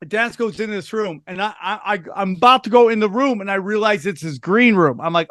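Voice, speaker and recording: A man who is a stand-up comic and podcast host, telling a profane story in an animated way and acting out quotes. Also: high-pitched, a little fast, hardly any pauses, no room sound, clean studio sound.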